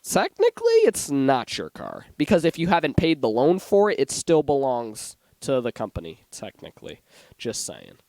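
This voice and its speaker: A man's voice: mid-range voice, sing-song, normal speed, hardly any pauses, a little mellow, dry recording. A young man giving an informal Bible teaching in a church, chatty and given to asides and self-corrections. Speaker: lay preacher. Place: church sanctuary.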